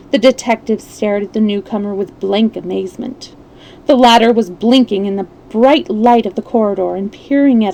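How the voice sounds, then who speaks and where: Gravelly-voiced woman reading a story. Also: medium pitch, poor audio. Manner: expressive with small slips and restarts. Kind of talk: reading a classic story aloud.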